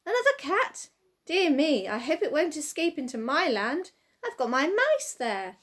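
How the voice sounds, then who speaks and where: A woman voicing a loud, muddled old man pedlar who yells in a shrill voice and mishears everything. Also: very animated, unhurried, heavily acted. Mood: puzzled.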